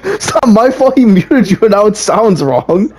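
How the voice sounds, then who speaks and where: A young man gaming with friends over a headset, loud, laughing and swearing as he taunts them. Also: sits high, big pitch swings, moderate pace, slight background noise. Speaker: gamer. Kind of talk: casual voice chat while gaming.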